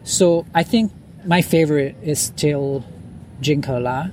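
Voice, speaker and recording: A man with a slightly high, darkish voice speaks slowly, with a little hiss or hum in the audio. He's a podcast guest in a casual interview, recorded outdoors on a lawn at night, rambling with many fillers and restarts.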